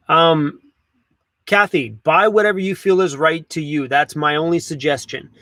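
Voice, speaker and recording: A man's voice: a little high, fairly even intonation, normal speed, bright, forceful tone, no room sound. A man hosting a casual van life livestream, chatty and laid-back, swearing now and then. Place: inside a camper van.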